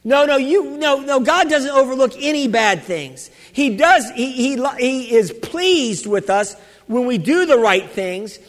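A male pastor preaching a sermon, halting with many restarts and rising to shouts at the peaks. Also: very high voice, expressive. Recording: long reverb of a large hall.

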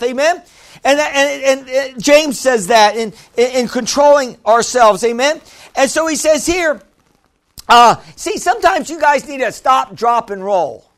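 A man with a strikingly high-pitched voice delivers a sermon. He preaches in a lively, joking way, laughing often and restarting his phrases. He keeps checking in with the congregation, asking "Amen?" and "Are you hearing what I'm saying?".

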